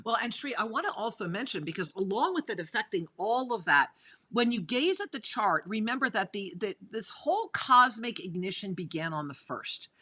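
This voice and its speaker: A woman's voice: medium pitch, very animated, moderate pace, pushed and bright, slightly rough. A woman hosting a spiritual talk radio show, enthusiastic and speaking straight to her listeners. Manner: enthusiastic, addresses listeners directly. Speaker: host.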